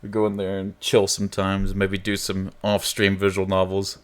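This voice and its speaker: A man's voice: low-pitched, normal speed, clear, resonant tone. Laid-back young man streaming a game. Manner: relaxed, chatty, laughs often while reading. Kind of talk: game playthrough, reading text aloud. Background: game music.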